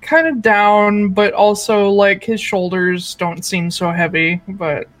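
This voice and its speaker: A woman's voice: medium pitch, slow. A woman running a tabletop game as game master, narrating scenes and bantering playfully with her players. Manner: laughs often, playful banter.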